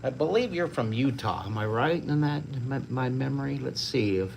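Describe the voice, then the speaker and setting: A man's voice: medium pitch, lively intonation, normal speed, creaky, slight background noise. An older man leading a live-streamed drawing lesson, upbeat, chatty and encouraging to his viewers. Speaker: drawing teacher.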